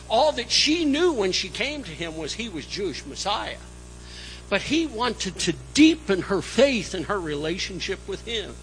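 A man delivers a church sermon in a high, bright voice. He takes his time and leans hard on key words. His volume rises and falls dramatically as he preaches. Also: low-quality recording. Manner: slow, emphatic preaching with dramatic swings in loudness. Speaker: pastor.

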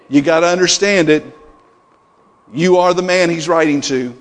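With a voice on the high side and a normal speaking speed, a middle-aged male pastor delivers his sermon. He drives his points home with emphatic repetitions that climb in intensity, the hall adding long reverb.

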